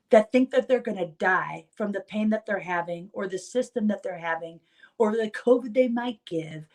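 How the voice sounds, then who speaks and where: A woman chiropractor addresses her peers in a heartfelt motivational talk, her voice sitting at an ordinary middle pitch. She tells stories with sincere conviction and leans on repeated phrases to drive her points home. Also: moderate pace, a little mellow. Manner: earnest, emphatic storytelling; repeats key phrases for emphasis.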